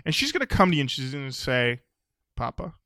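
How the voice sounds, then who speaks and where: A man co-hosting a comedy podcast, riffing in a playful mock sales pitch and acting out little scenes. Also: big pitch swings, racing, pushed and bright, no room sound, clean studio sound. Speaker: podcast co-host.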